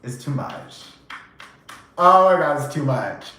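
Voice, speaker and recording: A man giving a casual tarot reading, chatty and animated, with lots of fillers and swearing. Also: fairly high pitch, slow pace, very echoey. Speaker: tarot reader.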